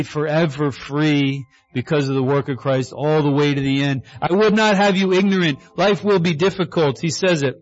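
A man preaching a sermon as pastor, in a conversational style that acts out quotes and builds to excited shouts. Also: medium pitch, lo-fi sound.

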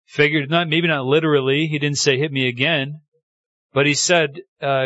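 A man's voice: moderate pace, no echo, muffled recording. A man preaching a sermon, telling the story with feeling and acting out the quoted lines. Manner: animated storytelling, acting out quotes with pitch swings. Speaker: pastor.

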